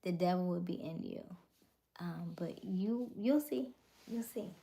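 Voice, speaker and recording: Woman livestream host, casual chat, slightly low voice, soft near-whisper at times, greets viewers by name. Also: unhurried, vocal fry, slight background noise.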